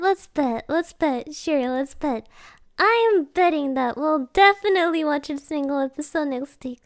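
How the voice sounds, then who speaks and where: A woman with a very high voice chats to her stream, giggling and rambling playfully. She talks slowly, and the sound is dry and close. It is a casual live-stream from home. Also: animated, dry recording.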